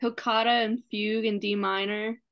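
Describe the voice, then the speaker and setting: A woman's voice: medium pitch, flat delivery, normal speed, fairly bright tone. A woman in a comedy sketch, breaking in with short, dry remarks. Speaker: co-host.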